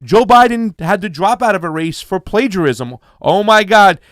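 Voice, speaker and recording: At normal speed and with an expressive, high-sitting voice, a man hosts a casual livestream. Upbeat and hyped, he thanks donors by reading their names, calls viewers fam, and encourages sharing. The tone is a bit bright, the recording dry and studio quality.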